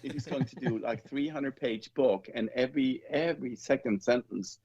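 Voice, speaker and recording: A man's voice: medium pitch, normal speed, darkish tone, lo-fi sound. A man being interviewed as an author, talking in a chatty, rambling way with laughs. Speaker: author, guest. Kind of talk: casual interview chat.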